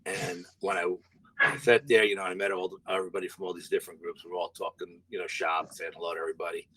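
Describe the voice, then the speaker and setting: A man's voice: low-pitched, level tone, fast talker, sharp tone, breathy edge, low-quality recording. A man, a guest paranormal investigator, telling a story in a rambling, casual way, repeating words and swearing now and then.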